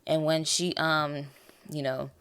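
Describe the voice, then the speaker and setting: A young American woman with a low voice chats casually on her podcast. She sounds tired but keeps rambling in an animated way, often trailing off and starting over. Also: slow pace, background noise. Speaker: podcast host. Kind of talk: casual TV review chat.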